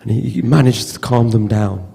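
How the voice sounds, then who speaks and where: Man, gravelly, husky, halting tribute, repeats words, long hall reverb. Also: fairly low pitch, fairly even intonation, warm tone. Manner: halting, repeats words, acts out quoted voices. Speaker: speaker at a memorial gathering. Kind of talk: heartfelt storytelling tribute.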